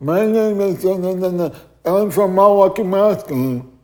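A man putting on a high, strained, slurry voice. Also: normal speed, dark tone, close to an everyday voice. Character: young man mangling his words, loud and high.

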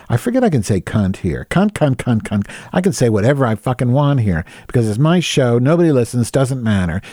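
A man's voice: medium pitch, mellow, no room sound, clean studio sound. A man hosting his own show, rambling through a crude, sarcastic solo rant. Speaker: podcast host.

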